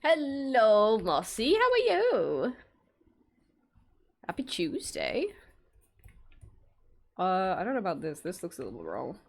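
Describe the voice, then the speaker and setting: Slow-talking woman chatting with lively pitch. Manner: chatty, giggly, swears often, answers chat. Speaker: streamer. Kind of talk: casual chat while drawing on stream.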